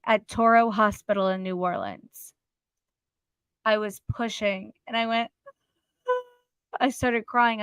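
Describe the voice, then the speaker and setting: A woman's voice: mid-range voice, a bit bright, clear, resonant tone, dry recording. A young woman telling her own story in a casual interview, blunt and swearing freely as she acts out what people said.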